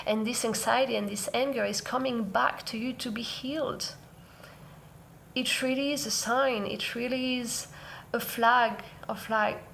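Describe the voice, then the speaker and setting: Woman, vlog talk, heartfelt and soft, creaky voice, slight background hiss. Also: medium pitch. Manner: earnest, soft-spoken, reflective. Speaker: parenting vlogger. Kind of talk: heartfelt personal sharing to camera.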